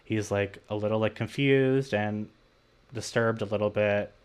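A young podcast co-host recaps a horror movie in a casual, animated way, sprinkling in plenty of "like" and voicing the characters' lines himself. His pitch is fairly low, with fairly even intonation, and his delivery is unhurried and smooth.

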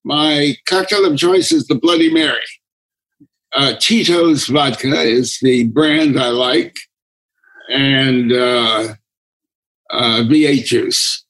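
Very slow-speaking man in his nineties. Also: mid-range voice, a bit bright, rough recording. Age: 90s. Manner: unhurried, wry, chuckling. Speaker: guest. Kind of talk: relaxed conversation. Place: his home.

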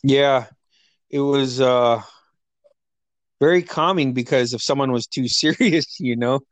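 A man in relaxed conversation, recalling old memories with plenty of laughter. He slips into higher, punchier voices when quoting people. The sound is close and dry, with no room echo. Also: measured pace. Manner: animated storyteller, acts out quotes in a higher voice; laughs often, many fillers. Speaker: friend sharing memories. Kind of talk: casual storytelling chat.

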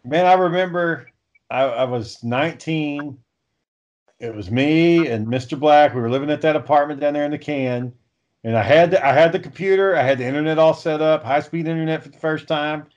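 A man's voice: a little high, moderate pace, darkish tone. Profane rambling man in his thirties, lo-fi. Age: 30s. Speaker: podcast co-host. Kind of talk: casual chat. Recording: dull lo-fi audio.

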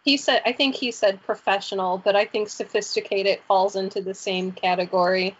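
Relaxed woman podcast host. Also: medium pitch, normal speed. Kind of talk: casual interview chat. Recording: dull lo-fi sound.

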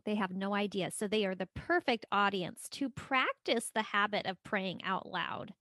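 A woman's voice: mid-range voice, normal speed, bright, forceful tone, no room sound, clean studio sound. A woman hosting a podcast, chatting casually and asking her guest friendly, open questions. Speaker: podcast host. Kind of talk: casual interview chat.

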